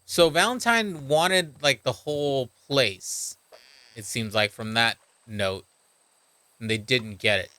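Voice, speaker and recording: A man's voice: mid-range voice, slow pace, bright, forceful tone, no echo. A man streaming a game, reacting animatedly and reading its text aloud. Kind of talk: let's play commentary.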